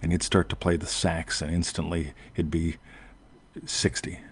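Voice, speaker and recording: Gravelly deep-voiced man. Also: level tone, normal speed. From United States. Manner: rambling, self-interrupting, frequent "right?". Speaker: podcast host. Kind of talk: casual storytelling chat.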